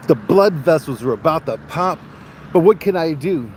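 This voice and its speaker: A man vlogging outdoors on a farm, telling rambling stories in a crude, joking, rough-spoken way. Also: on the high side, expressive, normal speed, a little mellow, a little hiss or hum. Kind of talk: casual rambling storytelling.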